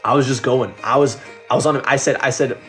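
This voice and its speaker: A man's voice: medium pitch, steady tone, fast, a bit bright, faint music behind. Swearing Canadian man chatting on a livestream. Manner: loose, profane, rambling with many restarts. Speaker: livestreamer reading chat. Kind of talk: casual live-stream chat.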